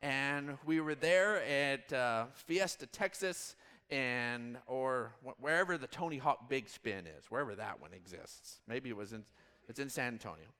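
A man in his thirties, a pastor telling a rambling, animated story in a sermon. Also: medium pitch, unhurried, clear, resonant tone, big-room sound. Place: church hall.

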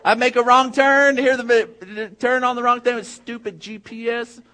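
A man's voice: very high-pitched, fairly even intonation, moderate pace, pushed and bright. A man preaching a sermon as pastor, telling a funny personal story and then making an earnest point to the congregation.

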